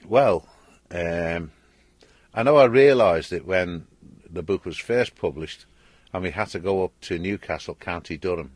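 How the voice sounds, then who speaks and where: An older man from Liverpool with a Scouse accent, an author chatting in an interview and telling lively stories with a husky voice. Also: low voice, measured pace, no room sound. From England. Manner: lively storyteller, acts out voices and laughs often. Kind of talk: casual interview chat.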